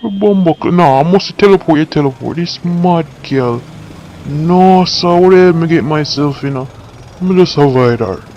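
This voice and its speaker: A man's voice: moderate pace, highs cut off, slight background noise. A man with a Jamaican accent muttering and cursing through a comedic game skit voice-over. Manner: muttering, swears a lot, panics into high yelling. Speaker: skit narrator and game character.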